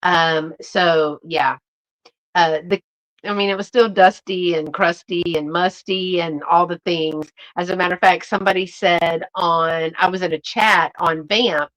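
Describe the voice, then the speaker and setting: A woman hosts a live stream as a YouTube vintage reseller, chatting with viewers in a bubbly, casual way and calling them y'all. Her voice is on the low side and a bit bright, with fairly even intonation and a measured pace. She uses lots of fillers and restarts, and the audio is poor.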